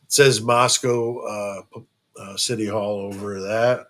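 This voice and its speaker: A man's voice: fairly low pitch, fairly even intonation, measured pace, fairly bright tone. Rambling, jokey man hosting a live stream. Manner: rambling, jokey, many restarts and fillers. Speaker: true crime live-stream host. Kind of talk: casual live-stream chat.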